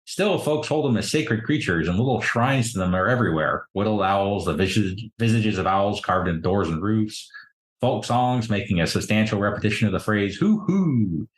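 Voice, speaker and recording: Low-voiced man narrating a tabletop game. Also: moderate pace. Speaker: game master. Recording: roomy echo.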